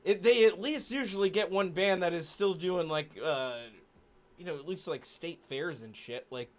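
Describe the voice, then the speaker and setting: A man's voice: high-pitched, normal speed. A man co-hosting a casual stream, laid-back and crude, with many fillers. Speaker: podcast co-host. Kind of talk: casual profane chat.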